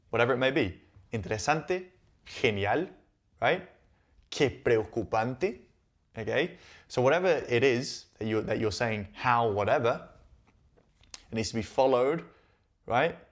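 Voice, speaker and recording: A man teaching Spanish, walking slowly through on-screen sentences and repeating each phrase before translating it. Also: mid-range voice, animated. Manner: patient, repeats phrases, thinks aloud.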